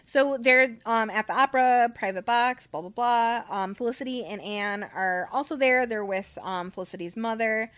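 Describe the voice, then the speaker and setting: A woman's voice: fairly high pitch, moderate pace, hardly any pauses, a bit bright, clear, resonant tone. A woman hosting a book club podcast, recapping a story in a rambling casual way, full of ums and likes and the odd casual swear.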